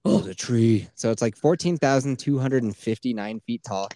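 A man's voice: mid-range voice, normal speed. A young man hosting a podcast, telling stories in casual chat, swearing and laughing as he goes. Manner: swearing, animated storytelling with laughs. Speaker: podcast host.

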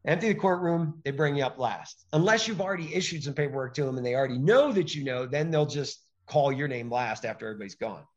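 A man speaking as a podcast guest, emphatic and animated, often acting out little exchanges as he explains. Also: mid-range voice, fast talker, few pauses, dull audio. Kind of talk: conversational interview.

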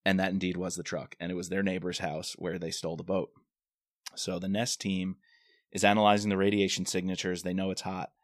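A man's voice: sits low, flat delivery, a little fast, dry recording, studio quality. A man from the Washington DC area co-hosting a casual book podcast, retelling the plot with animation and acting out the characters' lines. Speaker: podcast co-host discussing a novel. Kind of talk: casual chat.

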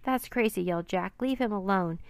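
A woman's voice: mid-range voice, fairly quick, creaky, dry recording, natural voice. Woman reading as Jack, an earnest young boy. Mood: urgent. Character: young boy, anxious and bookish.

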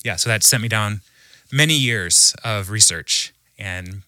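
A man speaking as a podcast guest who tells stories in an animated way and laughs often. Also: on the low side, a little slow, dry recording, studio quality. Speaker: podcast guest, humor researcher. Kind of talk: conversational storytelling.

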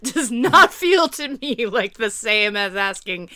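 A woman's voice: a little high, animated, slow pace, bright, forceful tone, no echo, studio quality. A woman hosting a casual chat, teasing and laughing often.

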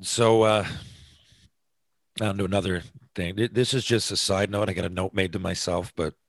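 A man's voice: low-pitched, fairly even intonation, normal speed, no echo, rough recording. A man talking casually on his podcast, chatty and self-deprecating, with lots of fillers and restarts. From North America. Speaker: podcast host. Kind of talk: casual rambling monologue.

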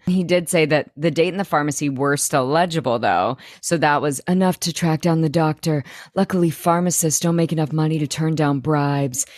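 A woman with a low voice recaps a TV episode in relaxed podcast chat, blunt and quick to react. The sound is dry and close. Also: no room sound. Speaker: podcast co-host.

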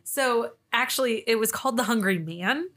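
A woman's voice: on the high side, moderate pace, a bit bright. A woman co-hosting a podcast, telling cryptid stories in casual chat, laughing often and restarting her sentences. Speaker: podcast co-host.

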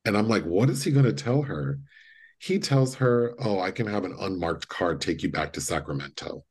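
A man co-hosting a podcast, retelling movie scenes in a casual, animated way and acting out the lines. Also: low voice, moderate pace, husky. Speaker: podcast co-host. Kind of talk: casual chat.

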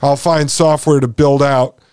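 A man's voice: medium pitch, fairly even intonation, unhurried, darkish tone, clear, resonant tone, no room sound, studio quality. A man hosting his own podcast, talking straight to his listeners in an emphatic solo monologue. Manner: emphatic, talks directly to listeners. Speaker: podcast host.

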